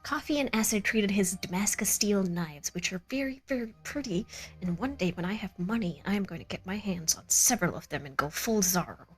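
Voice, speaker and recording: A woman game master chatting casually at the end of a live tabletop stream, bubbly and quick to giggle, on a desk microphone at home. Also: medium pitch, lively intonation, slightly rough, faint music behind.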